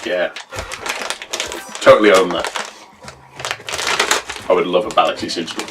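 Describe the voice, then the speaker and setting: A man's voice: low-pitched, steady tone, measured pace, background noise. A young man co-hosting a let's play, chatting casually and explaining game mechanics at length. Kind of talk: casual gameplay commentary. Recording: distant mic with game music behind.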